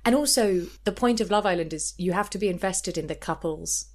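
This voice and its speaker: A woman's voice: on the low side, a little fast. A woman co-hosting a podcast in casual chat, giggling often and acting out quotes. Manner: giggly, chatty, acts out quotes. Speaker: podcast co-host.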